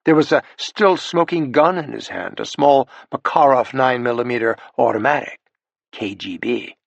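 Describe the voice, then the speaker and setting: A male audiobook narrator reads in a measured, even way. His voice is gravelly and husky, recorded close and dry. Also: medium pitch, dry recording, muffled recording. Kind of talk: scripted narration.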